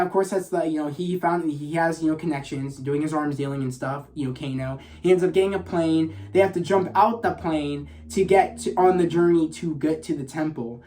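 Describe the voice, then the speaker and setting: A man giving a casual spoiler review of a film in a vlog, excited and rambling, with many fillers, restarts and swearing. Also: sits high.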